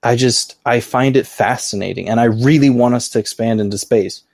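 A man's voice: medium pitch, normal speed, vocal fry, a little mellow, no room sound, studio quality. A man co-hosting a live podcast, chatting casually and thinking aloud with eager restarts. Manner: enthusiastic about the topic. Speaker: podcast co-host.

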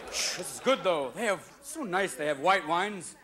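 A man performing live stand-up comedy, talking fast and darting between silly voices. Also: sits high, expressive. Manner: rapid-fire, jumps between silly voices and characters. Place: theater stage before an audience. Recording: live show with loud crowd laughter and hiss.

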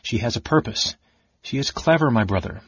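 A man reading an audiobook, voicing a cold, sardonic male mage who speaks softly and evenly. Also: mid-range voice, lively intonation, husky, dry recording, dull audio. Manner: soft, measured, icy.

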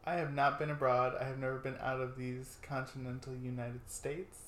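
A man's voice: medium pitch, level tone, moderate pace, fairly bright tone, slight background noise. Sassy New man, echoey room. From New York. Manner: sassy, playful, swears freely. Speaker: podcast co-host. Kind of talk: casual chat.

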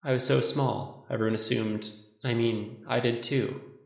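Guy reading a tired brooding engineer, mutters low, gravelly fry, dull lo-fi sound. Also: fairly even intonation, unhurried, fairly bright tone, echoey room. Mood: brooding, muttering. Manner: muttering, low, self-mocking. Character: weary, brooding adult man, sarcastic engineer.

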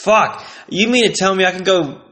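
A man's voice: sits high, moderate pace, pushed and bright. A man delivering a profane, rambling vlog rant with exasperated disbelief. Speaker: vlogger. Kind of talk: casual ranting monologue.

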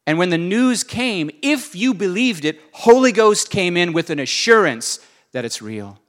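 Man, preaching, earnest, high-ish voice, soft to emphatic. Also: sing-song, measured pace. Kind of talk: sermon.

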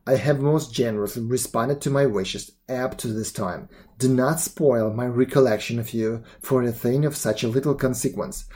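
A man's voice: medium pitch, normal speed, darkish tone, lightly acted. A man voicing a greedy beggar-to-be in a storybook, speaking in a raised, emphatic, pleading tone. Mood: insistent. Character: greedy, desperate man pleading, later remorseful.

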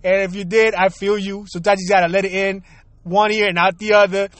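High-voiced middle-aged man ranting. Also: flat delivery, brisk, fairly bright tone, no room sound. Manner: heated, swearing, rhetorical questions to the audience. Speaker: vlogger. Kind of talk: profane ranting monologue.

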